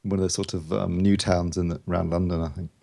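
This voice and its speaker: Fast-talking gravelly man reviewing films. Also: low voice, flat delivery, warm tone, slight background noise. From United Kingdom. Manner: rambling, many ums and restarts. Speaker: podcast film reviewer. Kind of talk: casual podcast chat.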